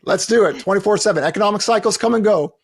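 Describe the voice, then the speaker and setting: Gravelly, emphatic man ranting. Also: fast. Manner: emphatic, mocking, jumps into high-pitched quoted voices. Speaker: lead analyst, podcast regular. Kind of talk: animated podcast rant.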